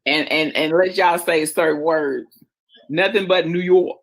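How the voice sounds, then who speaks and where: A man with a Southern accent, co-hosting a casual chat show in an animated, teasing way. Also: on the high side, a little slow, low-quality recording. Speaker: show co-host.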